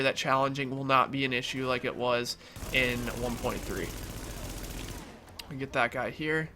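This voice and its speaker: A man's voice: mid-range voice, steady tone, a little slow, pauses often, bright, forceful tone, slight background noise. A young man with a nasal, allergy-stuffed voice, chatting casually over his own gameplay, full of fillers and reassuring his viewers. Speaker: gaming YouTuber.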